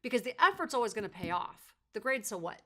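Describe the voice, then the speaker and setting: A middle-aged woman hosting a podcast, chatting casually with her daughter and telling a lively family story. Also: on the high side, fast talker. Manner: animated storytelling, mimics voices in anecdotes. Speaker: podcast host and mother. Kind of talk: casual conversation.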